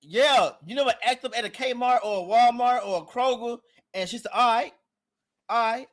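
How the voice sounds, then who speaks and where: A man's voice: very high voice, normal speed. A young man, telling stories in casual chat with lots of exclamations. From USA. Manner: animated storyteller, exclaims and laughs often. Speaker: guest.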